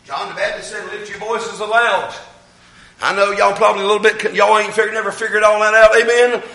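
A man with an Appalachian accent preaching a loud, fervent sermon in a large church hall, breaking in with amens. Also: high-pitched, steady tone, a little fast. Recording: echoey hall, mic from a distance.

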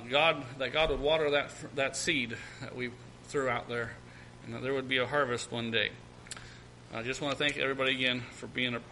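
A man preaching a sermon as pastor, with many fillers and restarts, then reading scripture aloud in a raised, slow cadence. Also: a little high, pushed and bright, slight background noise, low-quality recording.

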